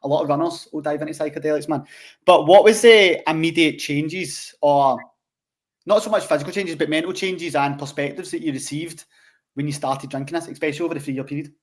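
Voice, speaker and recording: A man's voice: fairly high pitch, fairly quick. A man hosting a casual podcast, friendly and encouraging toward his guest in a matey way. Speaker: host.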